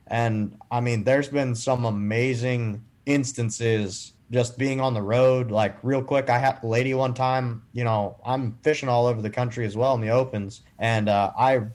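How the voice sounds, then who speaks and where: A man's voice: medium pitch, darkish tone. A young adult man, a podcast guest, earnestly telling a personal story in casual conversation and acting out the dialogue. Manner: earnest, acts out quoted dialogue. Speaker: podcast guest, boating safety speaker.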